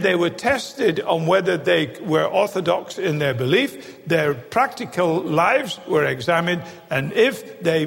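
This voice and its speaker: High, gravelly male preacher in a hall. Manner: emphatic, repeats key phrases for stress. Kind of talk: sermon. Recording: long hall reverb.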